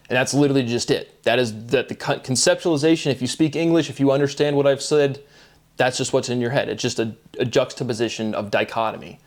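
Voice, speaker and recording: A man reading aloud from his notes in a rambling monologue, pairing words and muttering asides to himself. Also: mid-range voice. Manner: reads word pairs aloud, muttering asides. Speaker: self-published theorist reading notes.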